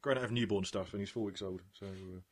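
A man's voice: low voice, fairly even intonation, fast. A young man co-hosting a film podcast in casual chat, joking and rambling, laughing often. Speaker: podcast co-host.

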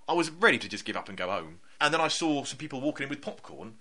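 A man's voice: mid-range voice, fast, a crowd in the background. A man chatting casually about films as a podcast co-host, telling stories and acting out his own thoughts. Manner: animated storyteller, acts out his own thoughts in quotes.

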